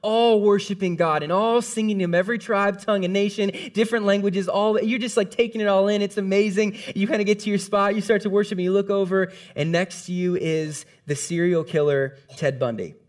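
A man preaching a sermon in a casual, conversational way, retelling scenes with lively energy. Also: sits high, brisk, hardly any pauses.

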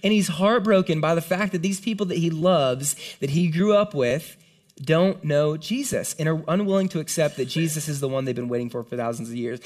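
Earnest man preaching, fairly high voice. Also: fairly quick, a little mellow. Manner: earnest, conversational preaching with many "like"s. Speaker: pastor. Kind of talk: sermon.

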